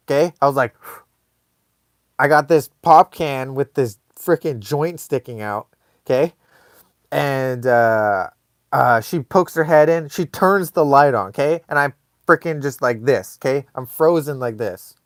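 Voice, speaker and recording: A man hosting a live online show, telling a comic story casually in a rambling, animated way full of fillers. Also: on the high side, dry recording, clean studio sound.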